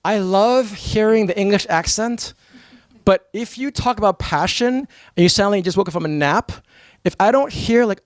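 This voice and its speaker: Energetic high-voiced American man speaking. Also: normal speed, no room sound. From New York. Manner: energetic, blunt and emphatic, with mock voices. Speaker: motivational speaker. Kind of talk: live seminar talk to an audience.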